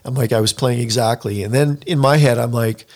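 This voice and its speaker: Middle-aged man telling an animated story. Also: medium pitch, a little fast. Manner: animated storyteller who acts out other people's lines, heavy use of "like". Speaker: professional pianist. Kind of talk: casual conversation, storytelling.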